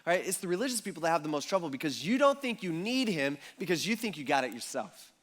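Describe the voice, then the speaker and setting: A pastor preaching a sermon in a casual, conversational way, often checking in with the congregation and acting out the people in the story. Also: male voice, on the high side, fast. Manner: animated, acts out the people in the story.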